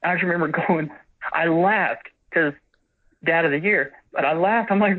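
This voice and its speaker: A man's voice: a little high, moderate pace. A man in his forties, a witness on a phone interview, telling his story in a rambling way and acting out what was said. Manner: rambling, acts out quoted dialogue. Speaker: witness caller. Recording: tinny phone line.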